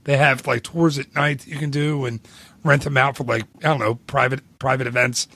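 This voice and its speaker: A man co-hosting a podcast with an upbeat, rambling way of talking, at a middle pitch. His thoughts wander from point to point as he chats. The recording is dry and close, with no room sound. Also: steady tone, a little fast, sharp tone, dry recording. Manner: enthusiastic, rambling, laughs often. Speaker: podcast co-host. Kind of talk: casual chat.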